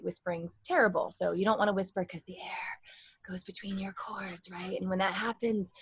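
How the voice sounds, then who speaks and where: A woman's voice: medium pitch, no room sound. Chatty woman vocal coach, dry close sound. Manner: chatty, demonstrative, rambling. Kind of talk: casual vocal lesson.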